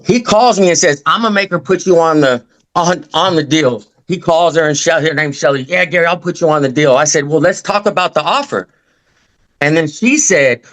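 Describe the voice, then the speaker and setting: A man telling a casual story on a video call, rambling and slangy, and he slips into the voices of the people he quotes. His voice sits a bit high for a man. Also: animated, fairly quick, fairly bright tone, low-quality recording. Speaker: new real estate agent.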